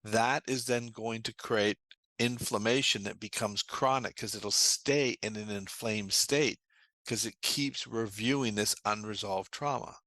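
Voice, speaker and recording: Bright, dry-voiced man explaining trauma therapy. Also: on the low side, a little slow, no room sound. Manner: earnest, explanatory, tells anecdotes. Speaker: trauma therapist, interview guest. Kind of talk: conversational interview storytelling.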